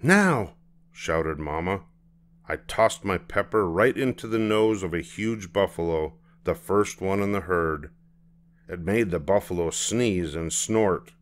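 Reading aloud from a children's picture book, an older man with a low-pitched voice narrates in a calm, measured, unhurried way.

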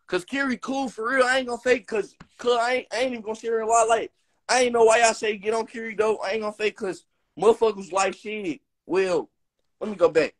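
Young male rapper, high-pitched voice, profane and heated, ranting to his live-stream viewers. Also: steady tone, a little fast. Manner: heated, profane, slangy trash talk.

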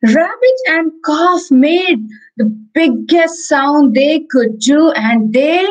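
A woman with an Indian English accent teaching preschoolers in an online class, telling a story slowly and repeating words for small children. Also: high-pitched, animated, poor audio. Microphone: video call.

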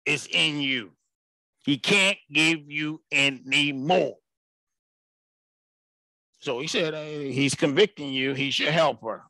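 Male preacher, slightly high, bright voice, casual emphatic sermon delivery. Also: slow, pauses often, no echo. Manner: colloquial, emphatic, repeating phrases. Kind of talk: informal sermon broadcast.

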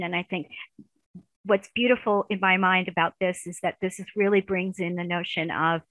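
Woman lecturer, middle-aged, hesitant delivery full of fillers; low pitch, dry close recording. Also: a bit bright, no echo, low-quality recording. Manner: hesitant, many fillers and restarts.

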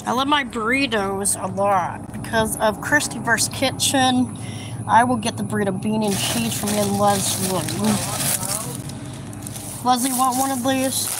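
A woman's voice: on the high side, unhurried. A woman vlogging as she shops in a store, rambling and giggling to herself. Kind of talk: casual chat while shopping. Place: inside a busy store. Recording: noisy store background.

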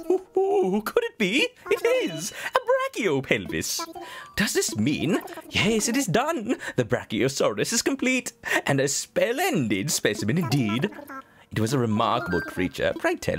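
A man's voice: a little high, wildly swooping pitch, a little slow, fairly bright tone, voice pushed up, heavily acted. A man voicing a pompous male owl museum curator, lecturing in formal, old-fashioned speech. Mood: grandly excited.

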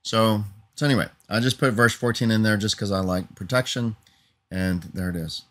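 A man's voice: lowish voice, steady tone, normal speed, fairly bright tone. A man preaching an earnest teaching sermon, building emphatic lists and often asking "Amen?" for assent.

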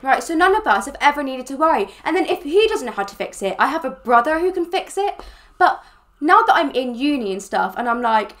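A woman's voice: sits high, big pitch swings, a little fast. A young woman in her twenties chatting casually as host of a reaction video, rambling with lots of fillers. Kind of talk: casual chat.

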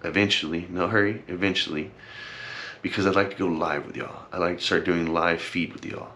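Deep, steady, brisk and pushed bright, a young vlogger's voice comes with slight background noise. Casually addressing his camera, he rambles earnestly through fillers and repeated thanks, and sometimes becomes teary.

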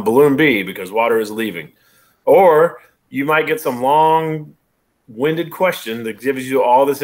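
A male instructor running a casual online exam review, explaining step by step and often checking in with "right?". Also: medium pitch. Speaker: college biology instructor.

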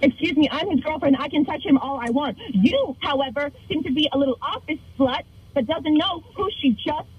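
A woman on a phone call, furious and jealous, shouting and demanding answers. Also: sits high, fairly quick. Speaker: prank call target. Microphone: telephone. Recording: phone call with clear background noise.

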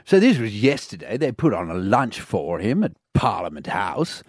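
Lively joking man in radio studio. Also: lowish voice, normal speed, dry recording. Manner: joking, teasing, full of laughs. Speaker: radio co-host. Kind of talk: casual banter. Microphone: studio mic.

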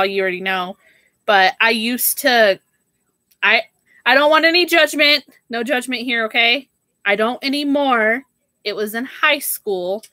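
A young woman hosts a live sale stream, chatting casually with viewers and saying "like" and "girl" a lot. Her voice is a little high, bright and forceful, recorded at studio quality with no room sound.

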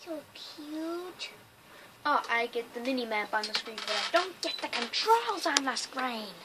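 A woman giving excitable, chatty, jokey let's play commentary over a game. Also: high voice, measured pace, noisy background. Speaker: gamer.

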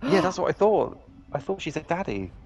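A woman's voice: lowish voice, sing-song, a little fast, darkish tone, highs cut off, a little hiss or hum. A woman playing a co-op game with a friend, giggly and chatty. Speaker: co-op gaming partner. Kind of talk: casual co-op gameplay chat. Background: game music.

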